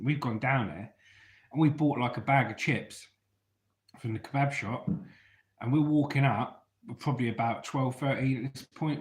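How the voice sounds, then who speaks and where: A man's voice: medium pitch, a little mellow, reverberant. Chatty man telling stories. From England. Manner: chatty, laddish, swears freely. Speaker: storyteller host. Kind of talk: casual storytelling.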